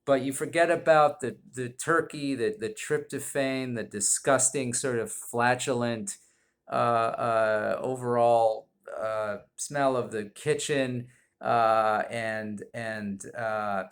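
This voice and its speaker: Male whisky reviewer, slow rambling deadpan delivery full of hesitations. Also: mid-range voice, clean tone. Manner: rambling, halting, deadpan, heavy with fillers. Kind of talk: comedic monologue review. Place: indoors at home.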